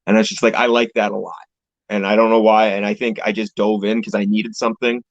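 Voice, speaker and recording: A man's voice: on the low side, little pitch movement, fast talker, no room sound. A young man from Canada, a pro wrestler, chatting casually as an interview guest in a laid-back, rambling way with casual swearing, heard over a video call. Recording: dull lo-fi call audio, dry.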